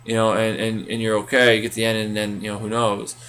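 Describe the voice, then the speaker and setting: A man's voice: on the low side, monotone, brisk, a bit bright, slight background noise. A man co-hosting a casual recap podcast, rambling with many fillers and restarts. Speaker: podcast co-host.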